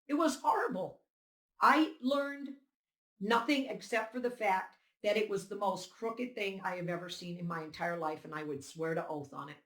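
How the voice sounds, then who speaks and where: An older woman giving an emphatic, indignant interview account, acting out the dialogue as she tells it. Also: medium pitch. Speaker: poll challenger recounting events. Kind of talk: interview testimony. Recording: roomy echo.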